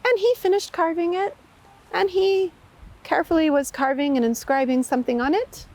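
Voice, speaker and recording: A woman meditation teacher telling a story and giving a spiritual talk in a lively, expressive way. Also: very high voice, moderate pace.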